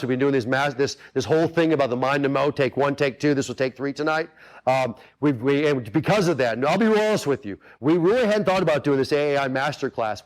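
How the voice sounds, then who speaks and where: Earnest man coaching golfers, fairly high voice. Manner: earnest, repetitive, talks straight to the audience with many asides. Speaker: golf instructor hosting a webinar. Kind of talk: casual coaching talk.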